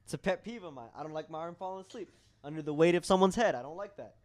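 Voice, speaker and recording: A man's voice: fairly high pitch, very fast, darkish tone. A young man on a casual podcast, telling his side of a story in a profane, emphatic, indignant way. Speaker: podcast guest.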